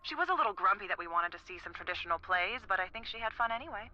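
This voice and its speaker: An actress voicing a thoughtful young woman friend in a video game, measured and even. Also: medium pitch, a little hiss or hum. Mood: chatty. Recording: slightly dull game audio.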